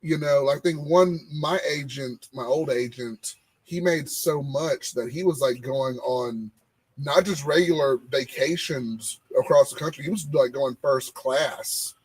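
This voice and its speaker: A man, co-hosting a casual podcast and telling animated stories about his old job. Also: medium pitch, measured pace, husky, rough recording. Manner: animated storytelling, repeating phrases. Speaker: podcast co-host. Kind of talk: casual chat.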